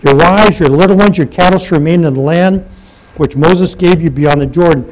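A pastor with a fairly high-pitched voice preaches at a moderate pace, reading scripture aloud, commenting on it and putting questions to his congregation. The recording quality is low.

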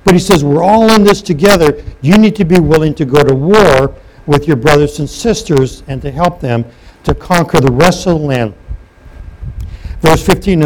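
Male preacher, fairly high voice, lively sermon delivery with light room hiss. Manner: reads scripture aloud and comments, asks the congregation questions. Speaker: pastor.

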